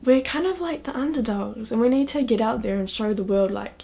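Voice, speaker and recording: A woman's voice: on the high side, brisk, vocal fry, hardly any pauses, dark tone. A woman with a New Zealand accent chatting casually to camera, jokey and self-mocking. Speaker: vlogger. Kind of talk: casual chat.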